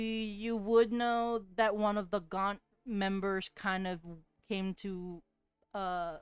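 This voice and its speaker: Woman game master, very smooth clear voice, dry close sound, halting delivery. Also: fairly low pitch, no room sound. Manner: hesitant, lots of fillers. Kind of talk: narrating a tabletop game.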